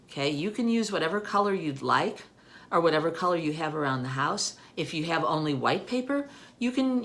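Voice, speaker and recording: A woman librarian reading a storybook to children and then explaining a craft, gently checking in with "okay?" as she goes. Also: on the low side.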